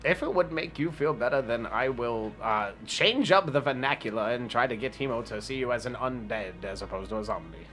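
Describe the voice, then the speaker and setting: A man's voice: medium pitch, animated, brisk, few pauses, fairly bright tone. A man playing his character in a tabletop game, rambling with many fillers and frequent laughs. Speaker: player. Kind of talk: in-character tabletop role-play.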